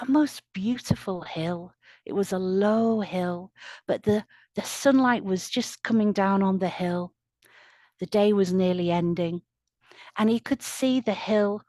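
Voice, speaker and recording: A woman storyteller narrating a folk tale in a slow, soothing, lilting way. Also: lowish voice, a little mellow, no echo. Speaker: storyteller at a community event. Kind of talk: oral storytelling.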